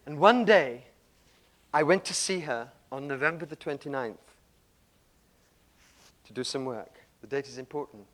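A man giving a spiritual talk, telling a story dramatically and swinging between loud passages and hushed ones. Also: medium pitch, expressive, unhurried, pauses often. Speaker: speaker.

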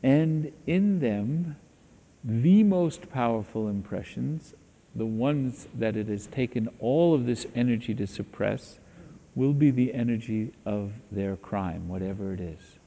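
A man giving a spiritual teaching talk, telling stories in a slow, deliberate way, in an echoey hall. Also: medium pitch, expressive, mellow.

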